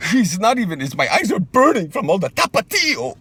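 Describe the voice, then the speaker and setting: A touchy young macho street tough, played by a man rambles in a slangy drawl and keeps calling people fool. His voice sits fairly high and swings up and down a lot. The tone stays defensive and sulky. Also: very animated, normal speed, a bit bright, husky, heavily acted. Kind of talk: comedy sketch monologue.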